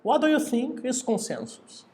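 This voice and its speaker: A man's voice: very high voice, wildly swooping pitch, normal speed, warm tone, echoey room. A man teaching an online English class over a video call, patiently repeating key words.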